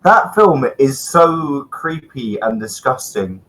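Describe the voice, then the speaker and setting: A man's voice: mid-range voice, lively intonation, takes it slowly, noisy background. A man co-hosting a casual podcast, hesitant and stumbling but easily amused. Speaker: podcast co-host. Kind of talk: casual chat.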